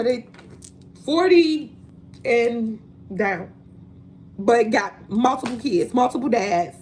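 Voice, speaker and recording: A woman in her forties from Chicago hosts a casual livestream monologue, speaking bluntly and laughing often in an African American Chicago accent. Her fairly high voice is sing-song, and she takes her time.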